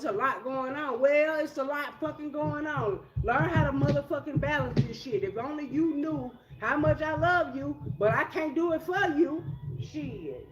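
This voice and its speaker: In an echoey room with loud music playing, a woman with a high-pitched voice gives a casual tarot reading in a blunt, profane, streetwise manner. The high frequencies are cut off.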